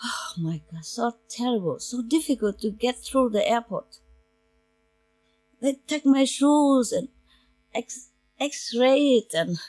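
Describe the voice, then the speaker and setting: A woman's voice: sits high, a little mellow, dry recording. A woman spiritual teacher speaking informally to her disciples in simple non-native English, often breaking into laughter.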